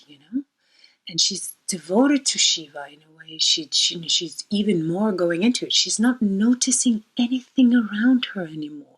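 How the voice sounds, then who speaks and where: A woman astrologer tells a myth and muses on its meaning, rambling and reflective, with occasional breathy near-whispers. Her voice is husky and sits on the low side for a woman. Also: a bit bright, poor audio. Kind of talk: storytelling talk on myth and astrology.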